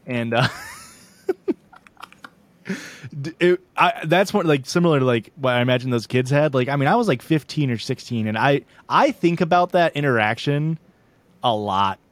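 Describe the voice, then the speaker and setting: A man's voice: medium pitch, lively intonation, normal speed, dry recording. A young man co-hosting a podcast, telling rambling, self-deprecating stories in casual chat and laughing often. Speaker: podcast co-host.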